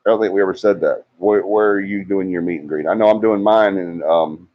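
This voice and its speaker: On a casual livestream with dull, lo-fi sound, an Alabama man reads viewers' comments and pokes fun at them in a talkative way. His voice is low-pitched, fairly quick, and fairly even in intonation.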